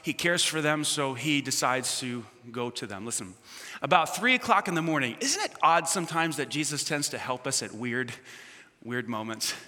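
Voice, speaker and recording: A male pastor preaching a sermon, swinging from shouts to hushed near-whispers and calling on the congregation to answer back. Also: mid-range voice, animated, moderate pace. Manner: asks the congregation questions and calls for responses. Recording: long reverb of a big hall.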